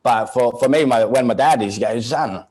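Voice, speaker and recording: A South Australian man in his thirties, his mid-range voice darkish and slightly rough, speaks fairly quickly as a guest at a studio event space. He tells funny stories to a live audience, joking and chatty, with many restarts and chuckles.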